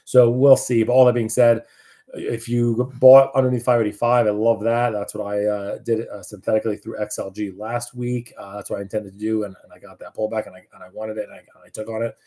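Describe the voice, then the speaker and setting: A man's voice: lowish voice, flat delivery, brisk, mellow. A man giving casual live market commentary, chatty and loose, with many fillers and restarts.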